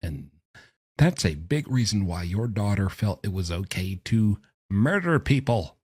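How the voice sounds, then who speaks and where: A man's voice: lowish voice, sing-song, unhurried, a little mellow, husky, no echo, clean studio sound. A man giving mocking reaction commentary on jail call recordings. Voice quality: sarcastic, mocking.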